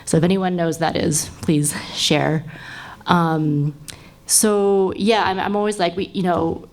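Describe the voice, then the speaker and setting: A woman's voice: lowish voice, steady tone, slow, a little mellow. Chatty woman who laughs a lot. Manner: chatty, laughs often, lots of fillers. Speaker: panel guest. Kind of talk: live podcast panel chat.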